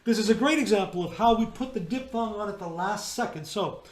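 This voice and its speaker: A choir director leads a rehearsal in a remote video, speaking fast in a high voice from an echoey indoor room. He explains singing diction and demonstrates each vowel and consonant sound aloud.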